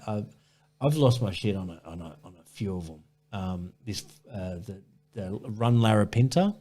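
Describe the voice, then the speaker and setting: A man's voice: lowish voice, dark tone. Profane rambling man. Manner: rambling, profane, many restarts. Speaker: ultrarunner guest. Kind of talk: casual interview storytelling.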